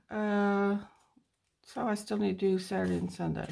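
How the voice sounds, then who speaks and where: Woman planner-video host, slow gravelly low voice, mellow and husky, self-chatting crafter. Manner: chatty, talks to herself while crafting. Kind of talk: casual plan-with-me narration. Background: birds chirping outside.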